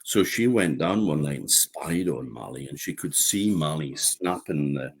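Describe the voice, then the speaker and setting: A man with an Orkney accent telling a folk tale in a lively, animated way. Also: extremely low pitch, a little slow, husky. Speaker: storyteller.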